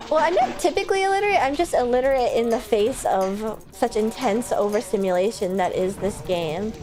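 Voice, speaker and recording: A woman chatting casually while she streams a game, excitable, laughing and swearing freely. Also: on the high side, fairly quick, faint music behind. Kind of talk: casual live-stream gameplay chat.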